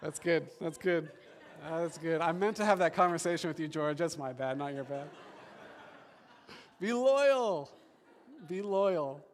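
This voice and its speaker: Male pastor, animated sermon delivery, church hall with long reverb. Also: on the high side, a little fast. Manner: animated, chatty with the congregation.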